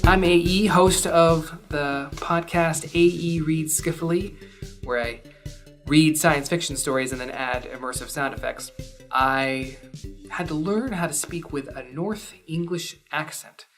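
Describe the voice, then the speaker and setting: A woman with a slightly low voice talks at an unhurried, deliberate pace. She delivers a scripted explainer lesson as a podcast host, adding dry, wry asides. Faint music plays underneath.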